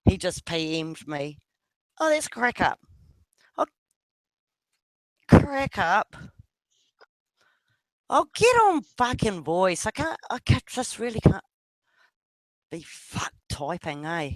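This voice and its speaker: A woman's voice: medium pitch, sing-song, takes it slowly, long pauses, dry recording. Rambling, sweary New Zealand woman. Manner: rambling, swears freely, laughs often. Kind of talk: casual voice chat.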